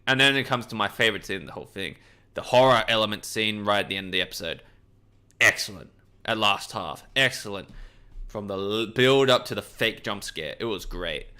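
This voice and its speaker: A man giving a casual, rambling video review of a TV episode, excitable, swearing freely and often correcting himself. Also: on the low side, clear, resonant tone.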